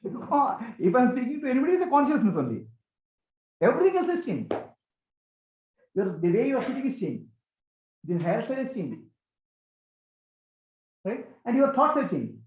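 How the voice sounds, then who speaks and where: A man giving a spiritual talk to a gathering, animated and questioning, repeating key phrases. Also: very high-pitched, moderate pace, long pauses. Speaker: spiritual teacher. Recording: echoey, tinny phone-like sound.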